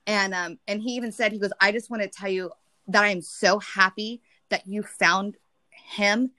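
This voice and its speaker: A woman's voice: mid-range voice, steady tone, normal speed, sharp tone. A woman talking candidly and emotionally in a casual chat, rambling with many restarts.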